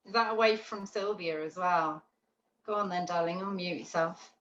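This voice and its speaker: Woman instructor, lively teaching manner, recorded over a roomy, muffled video call with faint hiss. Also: lowish voice, normal speed. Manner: chatty, animated, checks in with "yeah?". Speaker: dog training instructor. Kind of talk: online class teaching. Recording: roomy, dull lo-fi call audio with faint noise.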